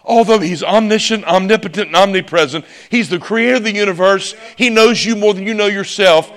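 A male preacher delivering a sermon, emphatic and swinging from loud exclamations to hushed asides. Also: sits high, brisk, hardly any pauses.

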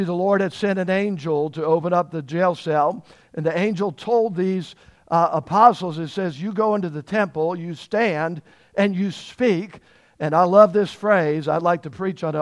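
A man preaching a sermon, leaning hard on key words and asking the congregation questions. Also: fairly high pitch. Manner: emphatic, drawn-out stresses on key words.

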